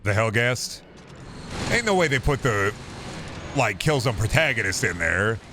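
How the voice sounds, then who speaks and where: A man's voice: on the low side, lively intonation, unhurried, background noise. A man streaming a game, rambling through casual, profane commentary full of jokey asides.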